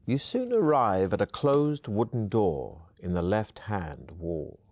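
Man narrating a game adventure, expressive. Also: fairly low pitch, no echo. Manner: measured storytelling.

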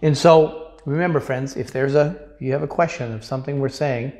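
Pastor, earnest Bible teaching for a livestream, emphatic delivery. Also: male voice, mid-range voice, a little fast, darkish tone. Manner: earnest, emphatic, addresses viewers as brothers and sisters. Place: church, streamed online.

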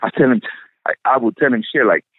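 Man, podcast guest, lively swooping storyteller, swears freely, tinny dry sound. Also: mid-range voice, fairly quick, slightly rough, no echo. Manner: animated, profane, laughs often. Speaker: actor guest. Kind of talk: casual interview storytelling.

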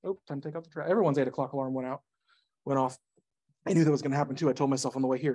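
Fast-talking man giving a tech talk. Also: medium pitch, lively intonation, a little mellow, breathy edge. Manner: rapid, self-interrupting, jokey asides. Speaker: conference speaker. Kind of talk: casual tech presentation. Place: meetup presentation room.

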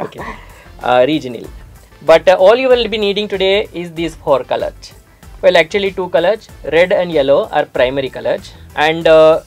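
A man doing a chatty male makeup teacher with a thick, exaggerated regional Indian accent. He talks through each brushstroke in a playful, step-by-step way and leans on "we are doing, we are putting" phrasing. A light music bed sits underneath. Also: fairly high pitch. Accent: regional Indian, put on. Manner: playful, with step-by-step instructions and heavy use of "we are ...-ing" phrasing. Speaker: makeup artist. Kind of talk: face-painting tutorial.

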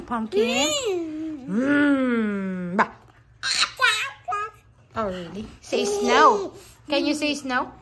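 A woman's voice: sits high, noisy background. A young adult woman and mother, chatting casually and cooing in baby talk to her children while filming a family home video on a phone.

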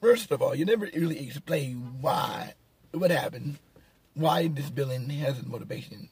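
A man's voice: on the high side, expressive, normal speed, a little mellow, breathy edge, no echo. A man giving a casual, rambling film review, sarcastic and mocking, chuckling at his own jokes. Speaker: movie reviewer.

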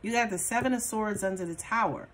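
A woman's voice: mid-range voice, fast talker. A woman giving a casual, chatty tarot reading, blunt and loose, swearing freely. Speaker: tarot reader.

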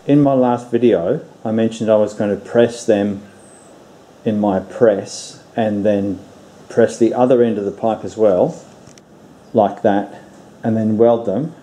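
A man hosting a do-it-yourself channel, sounding nasal and congested from illness, explaining his work in a relaxed, plain-spoken, practical way. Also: on the low side, measured pace. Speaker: DIY channel host. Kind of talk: casual how-to explanation.

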